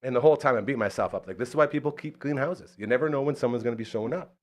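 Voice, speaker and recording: This Saskatchewan podcast host races through a story in easygoing, chatty fashion. His pitch is middle-range for a man, though he jumps into a high, excited voice to imitate people's words.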